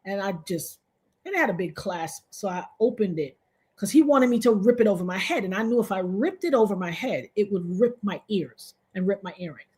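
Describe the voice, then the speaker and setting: Speaking a little fast, a livestream host shares a personal story with casual animation and bursts of loud, high-pitched exclamations. Her voice is slightly rough.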